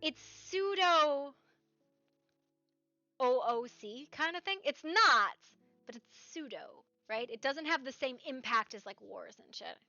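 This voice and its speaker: A bright, fairly high-voiced woman rambles in casual stream chat. She tosses in "right?" constantly as she talks. The sound is dry and a bit dull, with faint music under it. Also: moderate pace, no echo. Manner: rambling, animated, asks "right?" often. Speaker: roleplay streamer.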